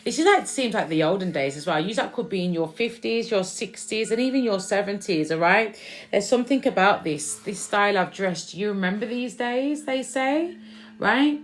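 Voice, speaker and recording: A woman's voice: mid-range voice, lively intonation, normal speed. A woman doing a casual, chatty spiritual card reading, often repeating phrases she says she hears from spirit.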